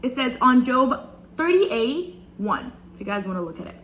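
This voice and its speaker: Young woman, slightly high voice, casual devotional talk, lively and chatty with viewers. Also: normal speed, slight background noise, rough recording. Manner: chatty, animated, addresses viewers as "guys". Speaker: speaker sharing a Bible reflection.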